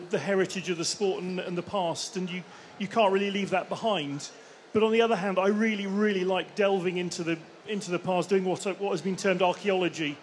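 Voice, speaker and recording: A man's voice: sits high, slight background noise. A man on a live panel answering questions in a thoughtful, hesitant way. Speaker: cycling author on a panel.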